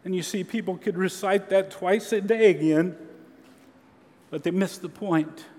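Slow, high-voiced preaching man. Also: a little mellow. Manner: earnest, measured preaching with slow emphatic pauses. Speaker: pastor. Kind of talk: sermon. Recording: long hall reverb.

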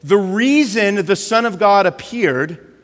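A male pastor, giving a conversational, animated sermon and leaning on filler words. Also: high-pitched, takes it slowly, big-room sound.

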